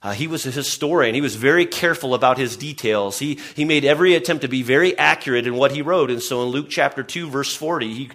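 A man's voice: medium pitch, quick pace, hardly any pauses, fairly bright tone. A man preaching a sermon to his congregation in an earnest way, often restarting and saying "I mean". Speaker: pastor.

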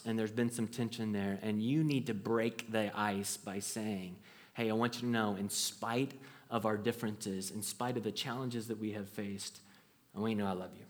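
A man's voice: fairly low pitch, normal speed. Earnest man preaching a sermon. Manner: earnest, storytelling with acted quotes, conversational restarts. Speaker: pastor.

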